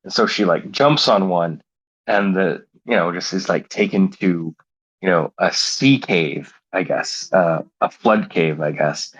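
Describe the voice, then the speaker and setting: Lower-voiced man, playful rambling storyteller. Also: unhurried, fairly bright tone, muffled recording. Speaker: podcast co-host. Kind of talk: casual chat, improvised movie pitch.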